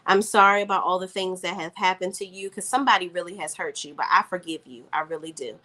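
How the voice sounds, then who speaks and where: A woman's voice: lowish voice, fast, sharp tone, pitched below the performer's own voice. A woman quoting a pleading young woman. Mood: forgiving. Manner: pleading, hurt.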